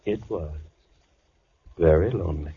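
Mister Boyd, a gentle-voiced madman. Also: low-pitched, breathy edge, heavily acted. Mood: sinister calm. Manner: slow, gentle, coldly polite menace. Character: soft-spoken menacing madman, middle-aged male recluse. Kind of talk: 1940s radio acting. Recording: dull lo-fi old radio broadcast.

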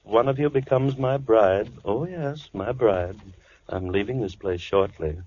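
A man playing Mister Boyd, a gentle-voiced madman. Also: lowish voice, lightly acted. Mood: coldly polite. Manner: slow, gentle, coldly polite menace. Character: soft-spoken menacing madman, middle-aged male recluse. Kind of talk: 1940s radio acting. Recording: dull lo-fi old radio broadcast.

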